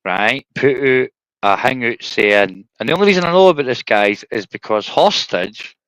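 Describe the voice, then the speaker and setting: A Scottish man rambles through casual stream chat at a middle pitch, swearing freely and checking in with "right?" every few phrases. His voice sounds dry and close, with no room around it. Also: expressive, moderate pace, fairly bright tone, clean tone, dry recording, low-quality recording. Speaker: livestream host.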